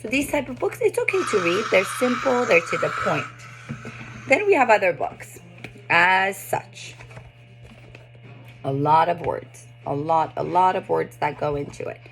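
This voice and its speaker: A woman in her thirties, a speech pathologist, calmly explaining to parents how to read books to toddlers. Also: on the low side, a little slow, vocal fry, faint music behind. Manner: calm explanatory talk with bursts of lively read-aloud demonstration. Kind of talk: explaining tips to parents and therapists.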